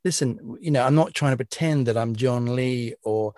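A man's voice: moderate pace, darkish tone, no echo, clean studio sound. Chatty British man with many restarts. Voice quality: young, slightly higher pitched voice. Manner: rambling, many restarts and repeated words. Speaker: author and guest. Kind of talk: casual interview chat.

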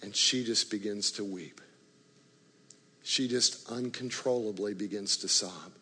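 A male pastor telling a story in a sermon, animated in the story and quiet and low in the prayer. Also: measured pace, husky. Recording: long reverb of a large hall.

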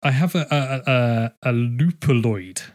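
A man's voice: medium pitch, slow. Chatty man hosting a podcast. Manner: rambling, animated, laughs often. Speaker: podcast host. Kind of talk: casual chat.

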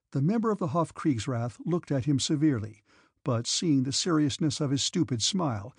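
A man narrating a classic novel as an audiobook in a steady, measured reading. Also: mid-range voice, breathy edge, no echo, studio quality.

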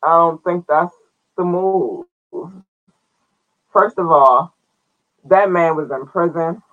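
A man's voice: a little high, takes it slowly, phone-quality sound. A man hosting his own podcast in a loose, playful way, with slangy asides as he reads out listener towns. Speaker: podcast host. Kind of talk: casual solo podcast chat.

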